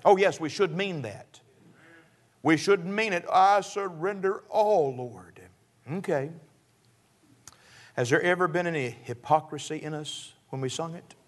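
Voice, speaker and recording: A man's voice: a little high, normal speed, a bit bright. A man preaching a sermon in a church service, folksy and joking, often chuckling as he talks.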